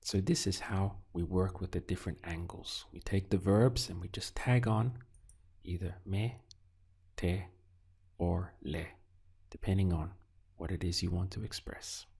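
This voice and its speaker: Man, language teacher, very deep voice, husky, unhurried, patient prompts. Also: a little mellow. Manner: slow, patient prompting with pauses for the learner. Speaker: Spanish teacher. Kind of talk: audio language lesson.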